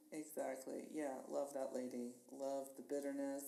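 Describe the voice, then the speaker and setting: A woman's voice: extremely low pitch, steady tone, unhurried, vocal fry, dark tone. A woman guest in casual chat, enthusiastic and chatty, thinking aloud with fillers. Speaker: podcast guest. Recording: echoey room with faint hiss.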